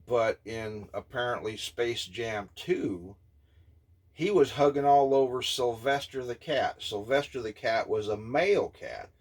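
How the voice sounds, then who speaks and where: A man in his fifties giving an indignant, scornful opinion rant, blunt and halting, with many filler pauses. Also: mid-range voice. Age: 50s. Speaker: vlogger.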